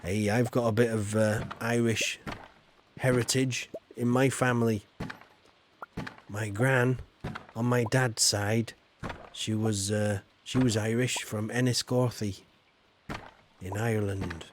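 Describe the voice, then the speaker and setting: Over a noisy background, a man with a Yorkshire accent provides relaxed livestream commentary on a game. His fairly low voice stays steady and slow, broken by long pauses, as he reads out chat and pokes fun at himself.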